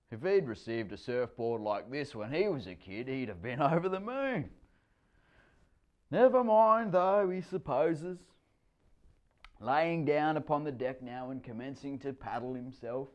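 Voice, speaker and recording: A man reads a story aloud. His delivery is wry and expressive. His voice sits mid-pitch and moves a lot. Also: unhurried, muffled recording. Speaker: narrator. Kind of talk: storytelling reading.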